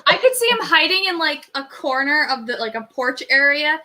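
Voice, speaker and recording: A woman's voice: high-pitched, sing-song, moderate pace, pushed and bright. A young woman co-hosting a podcast, teasing and giggly in casual chat.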